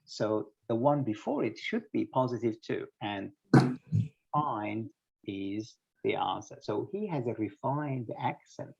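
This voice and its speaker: A man's voice: on the low side, expressive, takes it slowly, vocal fry, darkish tone, breathy edge, muffled recording. A man teaching an online English class, patiently quizzing students by name and explaining word pairings, heard over a video call.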